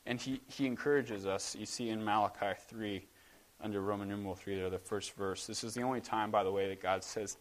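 Pastor guy giving a sermon, slightly low voice, chatty, acts out little back-and-forth lines. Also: brisk. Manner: conversational preaching, acts out God's and a child's lines in dialogue.

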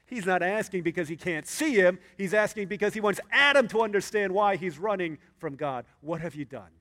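A man preaching a sermon as pastor, acting out Bible characters in an excited voice and dropping low and hushed for earnest points. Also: fairly quick. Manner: animated, acts out Bible characters in a high excited voice.

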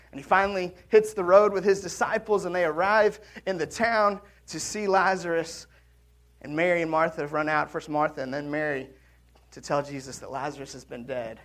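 A man preaching a sermon in a conversational way, swinging between loud emphasis and quiet, hushed drops. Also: fairly high pitch. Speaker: pastor.

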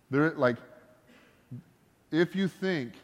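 A man preaching a sermon as a pastor, talking in a loose, conversational way with jokes and self-deprecating asides. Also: fairly high pitch. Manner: conversational and joking, with laughs and asides. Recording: long hall reverb.

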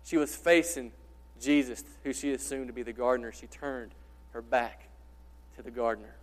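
A man pastor preaching an impassioned sermon, repeating rhetorical questions and swinging from loud to quiet. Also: medium pitch, steady tone, moderate pace. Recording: reverberant hall.

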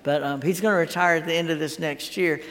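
A man's voice: on the high side, fairly even intonation, fast talker, a bit bright. A middle-aged man giving a folksy, conversational sermon, telling stories and repeating words as he thinks aloud. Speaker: pastor. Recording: long hall reverb.

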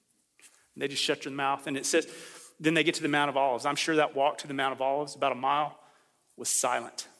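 A man preaching a sermon as a pastor, talking in a conversational, animated way and acting out the voices he quotes. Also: mid-range voice, quick pace. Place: church sanctuary. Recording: long hall reverb.

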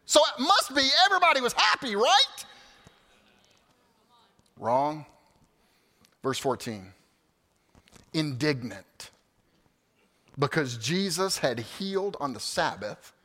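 A male pastor preaching a sermon, swinging from loud exclamations to quiet, casual asides. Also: high voice, lively intonation, moderate pace. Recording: hall reverb.

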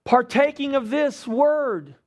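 A man's voice: extremely high pitch, slow. A middle-aged man preaching a sermon as pastor, talking conversationally and asking the congregation rhetorical questions.

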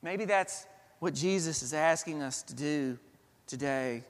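Pastor preaching in a reverberant church. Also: male voice, fairly high pitch. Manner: earnest, dramatic pauses and swells. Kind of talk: sermon. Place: church sanctuary. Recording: long reverb of a church hall.

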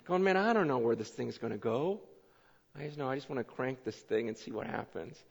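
Animated pastor preaching in a reverberant hall. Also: male voice, mid-range voice, brisk, vocal fry, slightly rough. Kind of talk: sermon. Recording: muffled hall recording with long reverb.

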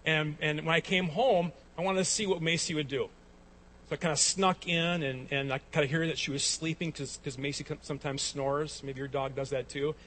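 A pastor preaches a sermon. His voice sits a little high for a man, and he tells stories with many restarts before rising to emphatic peaks. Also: fairly even intonation, a little fast, fairly bright tone, slight background noise. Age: 40s.

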